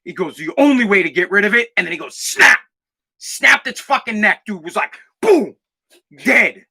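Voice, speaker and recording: Brash high bright-voiced man. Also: lively intonation, moderate pace, creaky, breathy edge. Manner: brash, profane, emphatic. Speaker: podcast host. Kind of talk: casual storytelling chat.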